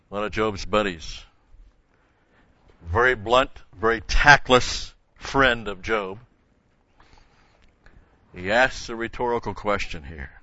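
A man's voice: fairly low pitch, pushed and bright, no echo. A man teaches a sermon verse by verse, his voice lifting to stress the key words. The sound is dry and close, with a slightly dull, muffled top end. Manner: explains verses step by step, rising in emphasis on key words. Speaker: Bible teacher. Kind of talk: expository sermon.

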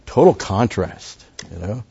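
Emphatic male preacher, mellow lo-fi sound. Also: fairly low pitch, very animated, measured pace, vocal fry, breathy edge. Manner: emphatic, surges louder on key words; teaching, with fillers and restarts. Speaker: pastor. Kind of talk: sermon. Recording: dull, lo-fi recording.

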